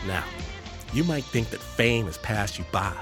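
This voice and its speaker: A man's voice: on the low side, expressive, unhurried, over music. A man hosting a radio show, delivering scripted links in a theatrical, dramatic way.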